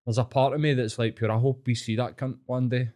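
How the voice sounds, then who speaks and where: A man's voice: mid-range voice, fast. A Glaswegian man hosting a podcast, telling stories in casual chat and swearing heavily as he goes. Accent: Glaswegian Scottish. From Scotland. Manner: heavy swearing, animated storytelling. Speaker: podcast host.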